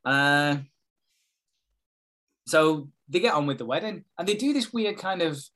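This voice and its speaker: A man chatting casually as a podcast co-host, recapping a TV episode with lots of swearing and quick impressions of the characters. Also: fairly high pitch, expressive, fairly bright tone.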